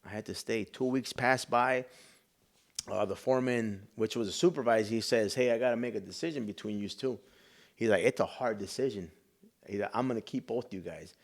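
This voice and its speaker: A man's voice: on the low side, brisk. A middle-aged man from Chicago, a podcast guest, earnestly telling a personal story and acting out the dialogue.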